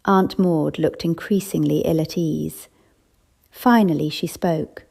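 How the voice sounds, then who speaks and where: A woman reads a cozy mystery audiobook in an even, measured way. Her voice sits low and dark, with a gravelly texture, and the delivery is calm and steady throughout. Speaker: audiobook narrator. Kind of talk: scripted narration.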